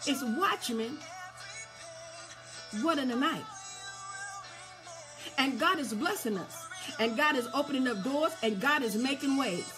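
A woman preacher giving a sermon, repeating refrains and asking the congregation if they hear her, building up to shouts. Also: sits high, expressive, unhurried, long pauses, over music.

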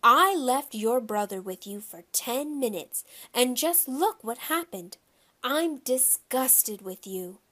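A woman's voice: a little high, lively intonation, slow pace, sharp tone, exaggerated voice. A woman voicing a fretful mother who gushes over her little one and scolds her older son, in a storybook reading. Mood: scolding. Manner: gushing, then scolding.

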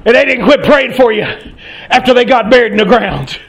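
A male preacher delivering an impassioned sermon in a church, swinging from shouted peaks down to hushed, drawn-out phrases. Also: extremely high pitch, gravelly, rough recording.

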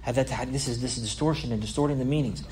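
A man teaching a religious lesson, explaining a classical text, repeating and restarting phrases and reading quoted passages quickly. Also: medium pitch, darkish tone, a little hiss or hum.

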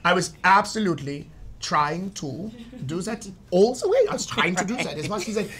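A man, an actor, chatting casually in an exuberant, playful way with bursts of excitement. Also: high-pitched, normal speed, a crowd in the background. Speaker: actor guest. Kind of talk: casual chat.

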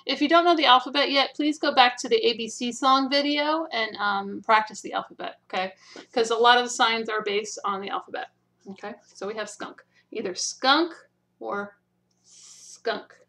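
In this video lesson, a patient sign language teacher demonstrates signs one by one, going slowly, repeating each word, and checking in with "okay?". She speaks on the high side with a sharp tone.

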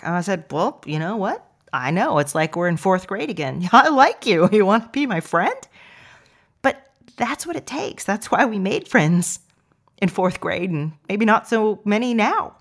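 Chatty woman podcast host giving affirmations. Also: fairly high pitch. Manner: chatty, warm affirmations, laughs often. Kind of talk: casual affirmation talk.

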